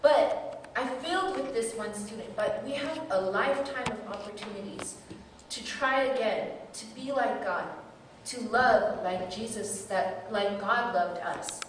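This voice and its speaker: A woman's voice: mid-range voice, measured pace, noisy background. A woman who teaches, giving a candid, self-deprecating personal testimony as a sermon. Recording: very echoey hall, mic far off.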